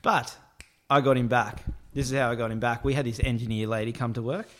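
A man's voice: medium pitch, steady tone, brisk, fairly bright tone. A man telling a casual anecdote about work, with crude slang, acted-out quotes and frequent laughs. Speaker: storyteller, construction worker.

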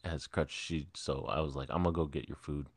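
A man with a very deep voice tells a story on a podcast in a loose, profane way, acting out the people he quotes. The sound is dry and close to the mic. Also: fairly even intonation, a little fast, dry recording. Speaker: podcast co-host. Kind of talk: casual storytelling chat. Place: podcast studio.

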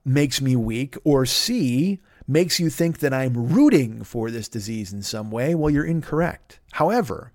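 A man's voice: medium pitch, a little mellow, no echo, clean studio sound. A man hosting a comedy podcast, ranting with sarcasm and heavy swearing and acting out other people in put-on voices. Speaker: podcast host. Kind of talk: profane comedic rant.

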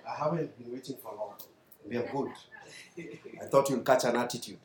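Kenyan pastor preaching in an echoey hall. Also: male voice, mid-range voice, brisk, very noisy. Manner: mixes English and Swahili, call-and-response, acts out his mentor's lines. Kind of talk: sermon. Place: church hall.

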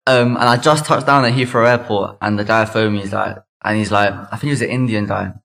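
A man in his twenties with a London accent, a podcast guest telling a story in fast, slangy chatter full of "like" and "mate". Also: lowish voice, fairly even intonation, vocal fry, fairly bright tone. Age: 20s. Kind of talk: casual storytelling.

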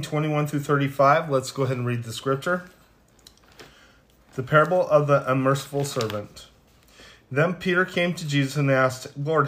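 A man reading scripture passages aloud in plain, unhurried reading with small stumbles, then closing in prayer. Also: mid-range voice, fairly bright tone. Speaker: scripture reader.

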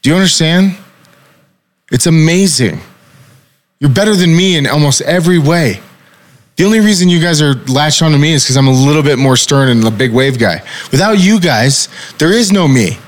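A man's voice: fairly high pitch, animated, moderate pace. A man hosting a casual podcast conversation as a company founder, talking intensely, swearing often and firing repeated rhetorical questions.

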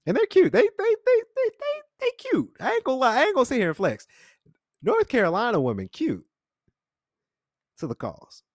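Animated joking man. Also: medium pitch, no room sound. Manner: animated, jokey, rambling with slang. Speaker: podcast host. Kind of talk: casual storytelling monologue. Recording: dry close studio mic.

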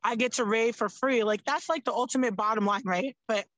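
Young woman podcast guest, chatty and animated, higher voice. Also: fairly quick, dry recording, lo-fi sound. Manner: animated, lots of "like", swears freely. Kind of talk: casual chat.

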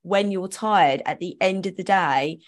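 A woman's voice: fairly low pitch, measured pace. A woman hosting a podcast, chatting casually, laughing often and trailing off mid-sentence. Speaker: podcast host.

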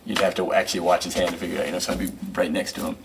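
A middle-aged man with a lowish voice rattles off rambling stories quickly, filling the gaps with casual fillers. He sits a little way back from the mic, and a faint hiss runs underneath. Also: vocal fry. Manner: rambling, filler-heavy, animated storyteller. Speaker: musician and record producer, guest. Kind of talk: casual storytelling interview. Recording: distant mic with faint noise.

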